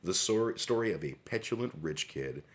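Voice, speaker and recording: A man's voice: deep voice, expressive, normal speed. A man hosting a livestream, reading scripture aloud and adding sarcastic, irreverent, rambling commentary. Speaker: livestream host.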